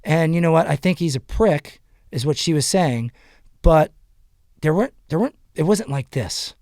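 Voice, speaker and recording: A man on a podcast, telling a story in a casual, animated way, acting out other people's lines and swearing freely. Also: fairly high pitch, normal speed, no room sound, clean studio sound. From United States. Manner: animated, quotes others in raised voices, swears. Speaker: podcast guest.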